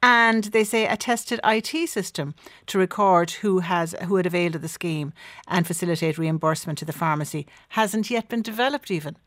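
Chatty Irish woman radio host, somewhat low voice, dry studio sound, lots of "uh" as she goes. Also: brisk, no echo. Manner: warm, chatty, with frequent fillers and restarts. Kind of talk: casual on-air chat with callers.

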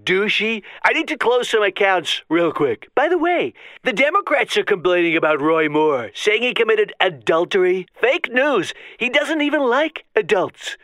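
A man voicing a boastful, bumbling male president in a comedy radio sketch, rambling with a wildly swooping pitch. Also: sharp tone, no echo, full character voice.

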